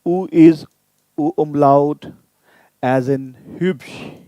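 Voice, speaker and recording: Slow, mellow man drilling pronunciation. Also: fairly high pitch, steady tone, no room sound. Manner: repeats sounds slowly to drill pronunciation; addresses viewers directly, inviting typed questions. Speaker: German language teacher. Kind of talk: live online language lesson.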